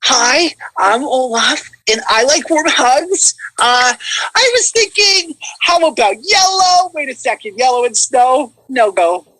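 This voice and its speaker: A bouncy, innocent cartoon snowman, as a man puts him on, chirping in a voice lifted well above his normal register. He sounds sing-song and wide-eyed, with a bright, forward ring. The pace is slow and deliberate. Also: very high-pitched, sing-song, dry recording, pitched above the performer's own voice, full character voice, rough recording. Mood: bubbly. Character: cheerful goofy male snowman, childlike.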